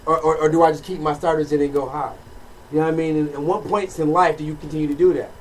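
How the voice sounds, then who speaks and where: A man talks very fast with a slightly high voice, circling back to his points and checking in with his listeners again and again. He sits a bit away from the mic, with a faint hiss behind him. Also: fairly even intonation. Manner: rapid, repetitive, keeps asking "you know what I mean". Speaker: podcast co-host. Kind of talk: casual chat, preaching life lessons. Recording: distant mic with faint background noise.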